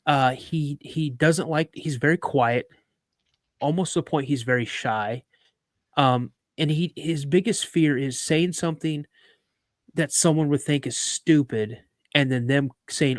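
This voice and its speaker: A man's voice: a little high, measured pace, no room sound, studio quality. A middle-aged man hosting a live podcast, telling a story casually, with many restarts and stammers. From Minnesota. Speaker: podcast host.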